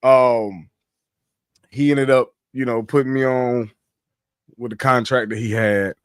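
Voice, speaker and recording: A man on a casual livestream, telling his life story in animated slang, swearing freely. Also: mid-range voice, takes it slowly, smooth, no room sound, clean studio sound.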